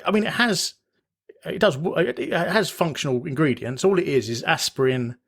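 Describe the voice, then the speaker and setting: A rambling British man hosts a podcast in casual chat. He often corrects himself mid-sentence and speaks a bit higher than most men. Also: big pitch swings, moderate pace, gravelly, fairly bright tone. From Britain. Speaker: podcast host.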